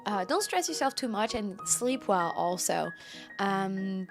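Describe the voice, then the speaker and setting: A woman's voice: medium pitch, expressive, slow pace. A woman game streamer chatting live with her viewers, bubbly and effusive as she greets them. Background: background music.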